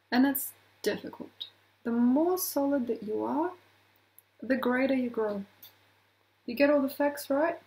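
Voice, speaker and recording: Woman astrologer, gravelly voice, mellow tone, animated casual talk. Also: fairly high pitch, poor audio. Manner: animated, acts out quoted voices, laughs often.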